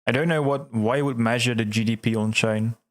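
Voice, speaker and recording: A man hosting a livestream, chatting casually and reading out viewer comments, excitable, laughing often and repeating words. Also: medium pitch, fairly quick. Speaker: livestream host.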